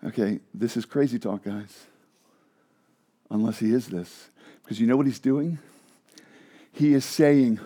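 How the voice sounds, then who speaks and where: A man preaching an evangelistic sermon with passion, swinging from hushed low phrases to loud emphatic ones. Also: big pitch swings, measured pace, pauses often, husky. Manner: frequent laughs and restarts. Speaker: pastor.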